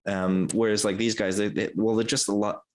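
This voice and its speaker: A man's voice: on the low side, flat delivery, fairly quick. A man co-hosting a podcast, talking loosely and casually with lots of filler words. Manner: loose, filler-heavy talk with many "like" and "um". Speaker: podcast co-host. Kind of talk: casual review chat.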